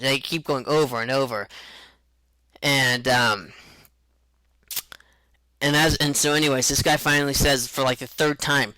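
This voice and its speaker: Bright-voiced young man telling a story. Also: medium pitch, steady tone, poor audio. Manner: rambling, halting, with restarts. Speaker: vlogger recounting a truck accident. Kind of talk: unscripted personal storytelling.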